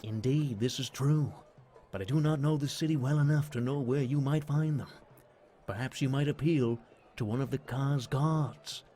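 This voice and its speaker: A man voicing a calm, courteous male assassin with a measured, formal delivery. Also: medium pitch, lightly acted.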